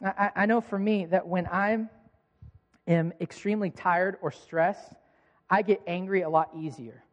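A man's voice: high voice, steady tone, unhurried, long reverb tail, lo-fi sound. A young man preaching a sermon as a pastor, telling personal stories in a conversational way and often repeating words as he restarts. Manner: conversational storytelling with frequent word repeats.

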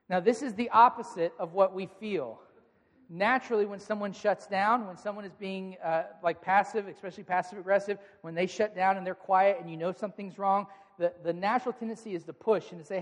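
A man's voice: high-pitched, a little fast. A man preaching a sermon as pastor, speaking to his listeners in an earnest, direct way. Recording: long reverb of a large hall.

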